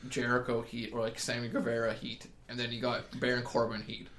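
A man's voice: mid-range voice, monotone, fairly quick, a bit bright, a little hiss or hum. A man co-hosting a casual podcast, opinionated and swearing casually. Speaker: podcast co-host. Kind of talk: casual chat about wrestling.

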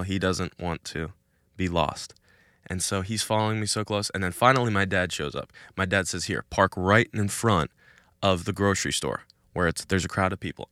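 A young man hosting a podcast, recording outdoors, telling a story in a casual and animated way and laughing between lines. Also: low-pitched, smooth, no echo, studio quality. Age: young adult. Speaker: podcast host. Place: outdoors in a cul-de-sac.

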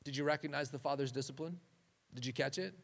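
A man's voice: medium pitch, fast, vocal fry. A man giving a conversational sermon, often restarting phrases and saying "like". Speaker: preacher.

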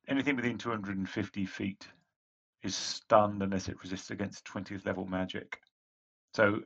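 A man plays a tabletop game in a casual, rambling way, with plenty of fillers. His voice sits low, and the recording sounds dull and lo-fi. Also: a bit bright. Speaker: player.

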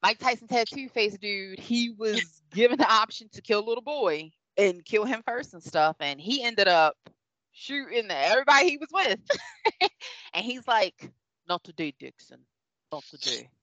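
A woman's voice: on the high side, lively intonation, normal speed, a bit bright, no echo. A woman in a casual review chat, rambling, self-correcting and laughing often. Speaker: show reviewer. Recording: dull, dry sound.

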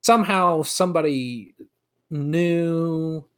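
A young man in casual chat who stops and restarts his sentences and trails off softly. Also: fairly high pitch, takes it slowly, clean tone.

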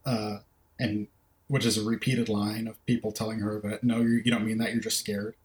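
Low-voiced man in an echoey room. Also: level tone, moderate pace. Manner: thoughtful, recounts scenes in detail. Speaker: podcast co-host. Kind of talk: casual film discussion.

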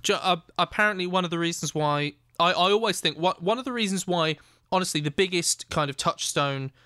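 Brief: male co-host, bright crisp voice, hesitant rambling chat. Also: high voice, brisk, dry recording, studio quality. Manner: rambling, hesitant, humming tunes. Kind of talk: casual chat.

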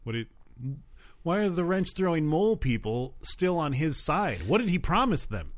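A man's voice: a little high, sing-song, normal speed, no room sound. A man hosting a comedy podcast, chatting casually and making dry jokes. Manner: dry, joking. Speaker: podcast host.

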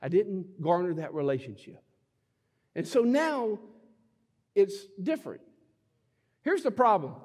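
Middle-aged male pastor, high and lively, jokey sermon delivery, long hall reverb. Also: unhurried, pauses often. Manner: animated, jokey preaching with laughs and sudden shouts.

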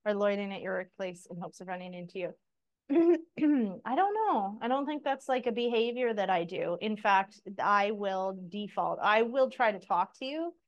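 A woman co-hosting a podcast, telling stories about her relationships in a candid, animated way, swearing freely and laughing as she talks. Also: medium pitch. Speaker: podcast co-host. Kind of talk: casual chat.

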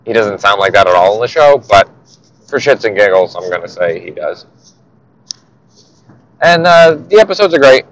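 A man's voice: lowish voice, very animated, moderate pace, pauses often, low-quality recording. A man hosting a casual podcast monologue, rambling and swearing offhandedly, recorded on a headphone mic in a car. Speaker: podcast host.

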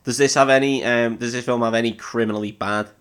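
A man's voice: medium pitch, fairly even intonation, fast, a bit bright. A young man, co-hosting a casual film podcast, swearing and laughing as he chats. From Northern England. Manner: banters and swears, laughing often. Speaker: podcast co-host.

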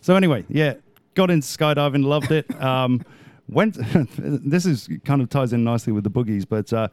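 A man who grew up in Australia chats casually as a podcast guest, spinning long rambling anecdotes and breaking into laughter often. His voice sits at an ordinary pitch and sounds dry and close to the mic. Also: moderate pace, darkish tone, clean tone, no room sound. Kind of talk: casual storytelling chat.

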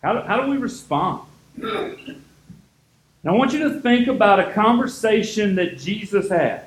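A man's voice: high-pitched, lively intonation, normal speed, roomy sound, poor audio. A man preaching a casual sermon as a pastor, retelling scripture in an easygoing, conversational way.

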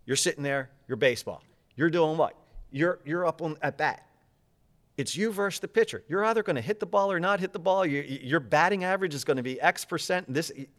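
A man who coaches public speaking, talking in an interview with high energy, quick and animated, often repeating words as he goes.

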